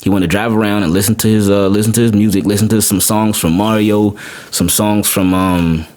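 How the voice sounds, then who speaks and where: A man's voice: on the low side, steady tone, fairly quick, darkish tone. A man hosting a podcast, telling a personal story casually, often repeating words and adding "man". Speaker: podcast host. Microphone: podcast microphone.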